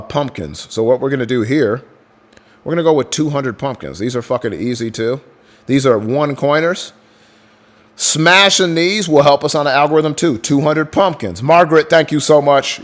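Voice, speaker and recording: A man hosting a livestream in casual chat, swearing freely and hyping up viewers as he thanks them by name. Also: a little high. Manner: breaks into crooning song lines. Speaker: livestream host.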